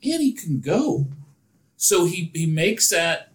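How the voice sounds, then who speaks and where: A man's voice: fairly high pitch, big pitch swings, slow. An opinionated man co-hosting a casual podcast, often restarting his sentences. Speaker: podcast co-host. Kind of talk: casual chat.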